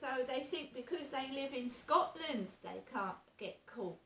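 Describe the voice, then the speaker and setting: A woman's voice: high-pitched, expressive, a little slow, fairly bright tone, recorded from a distance. A woman vlogging in a rambling, aggrieved way, repeating herself as she complains. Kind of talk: casual vlog rant. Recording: echoey room with faint hiss.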